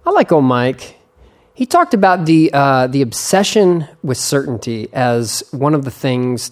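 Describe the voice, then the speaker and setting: A man's voice: medium pitch, darkish tone. A man hosting a podcast in casual chat, teasing his guest and talking loosely with lots of fillers. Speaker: podcast host.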